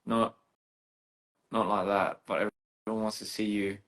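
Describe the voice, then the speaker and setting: A man's voice: on the low side, flat delivery, unhurried, fairly bright tone, roomy sound. A man chatting casually on a phone livestream, rambling through goofy wordplay and laughing at his own jokes. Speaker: livestream host.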